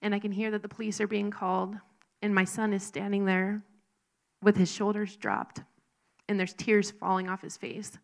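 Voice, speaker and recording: Gravelly woman giving a heartfelt testimony. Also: mid-range voice, steady tone. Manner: earnest, halting and emotional storytelling. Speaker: speaker sharing a recovery testimony. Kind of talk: personal faith testimony.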